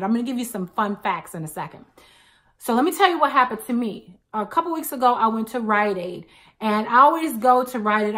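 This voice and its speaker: A woman's voice: a little high, fairly bright tone. A woman in her thirties chatting to camera as a couponing vlogger, telling stories with emphatic asides. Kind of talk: casual chat to camera.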